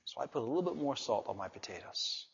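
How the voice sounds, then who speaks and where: A man preaching a sermon, his slightly husky voice swinging from soft asides to loud emphasis. The recording is dull and muffled, with a long reverb trailing each phrase. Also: medium pitch, very animated, quick pace. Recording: dull reverberant hall sound.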